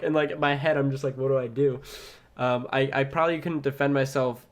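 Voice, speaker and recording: A man's voice: medium pitch, fairly even intonation, a little fast, hardly any pauses. A young man co-hosting a podcast, telling a long story in casual chat, rambling, swearing often and laughing at himself. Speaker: podcast co-host.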